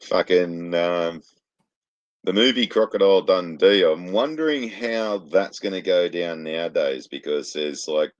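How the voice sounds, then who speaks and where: Crude deep-voiced Australian man. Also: measured pace, dry recording, highs cut off. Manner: profane, rambling anecdotes, heavy swearing. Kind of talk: crude casual chat.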